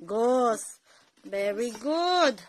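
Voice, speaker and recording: A woman's voice: a little high, lively intonation, very slow, background noise. A mother with a Filipino accent reading a picture book to her toddler at bedtime, repeating each word back and praising often. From Philippines.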